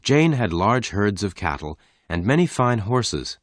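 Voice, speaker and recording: Male narrator, very low voice, dry close mic, slow clear reading. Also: big pitch swings, no room sound, soft background music. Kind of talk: scripted story narration.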